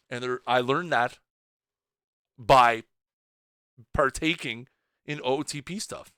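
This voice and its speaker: Male streamer host, jokey and teasing, clear smooth voice, high-pitched. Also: lively intonation, takes it slowly, pauses often, pushed and bright, no echo, studio quality. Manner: joking, playful, teasing. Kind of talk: casual livestream commentary.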